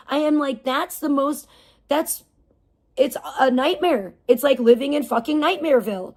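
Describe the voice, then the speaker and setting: A woman's voice: high voice, moderate pace, darkish tone. Profane, ranting woman livestreamer. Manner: heavy swearing, fired-up and indignant; rambling with fillers and restarts. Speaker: livestreamer reading chat. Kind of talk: casual ranting livestream chat.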